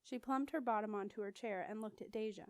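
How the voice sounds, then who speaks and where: A woman narrating a novel as an audiobook, measured and clear. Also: mid-range voice, no echo. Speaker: audiobook reader.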